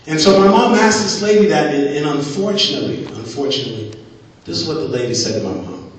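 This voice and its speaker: Man, motivational speaker, emphatic storytelling, fairly high voice, heavy hall echo. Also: expressive, quick pace, slight background noise. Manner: emphatic storyteller, repeats phrases for effect. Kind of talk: live motivational speech, storytelling. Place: stage in a large event hall. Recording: echoey hall from far off.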